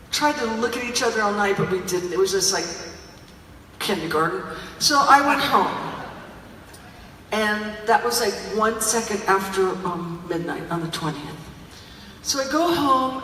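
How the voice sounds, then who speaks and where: An older woman tells a story to a theater crowd, chatty and animated, often laughing. Her voice is bright, and it reaches the phone from far off, swimming in the echo of a big hall. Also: mid-range voice, a little hiss or hum. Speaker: singer and stage performer. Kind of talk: live on-stage storytelling. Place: large theater stage. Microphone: audience phone recording from far off.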